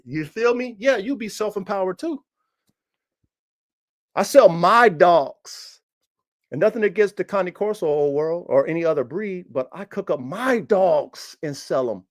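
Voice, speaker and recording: A man's voice: fairly high pitch, darkish tone. Brash, boastful man hosting a podcast. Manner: boastful, confrontational, emphatic slang-heavy talk. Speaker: podcast host and dog breeder. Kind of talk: livestream podcast monologue. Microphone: streaming setup.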